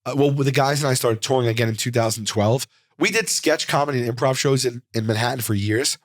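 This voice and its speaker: A comedian in his forties tells a long story to an interviewer, his pitch sitting at an ordinary middle register. He talks in an animated, rambling flow, doubling back with fillers and restarts. The studio sound is dry and close, with almost no room echo. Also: fast. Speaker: comedian guest.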